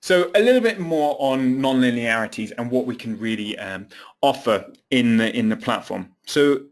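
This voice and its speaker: A man's voice: medium pitch, animated, moderate pace. Man presenting a technical webinar. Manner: many fillers and repeated words, explanatory. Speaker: application engineer presenting a webinar.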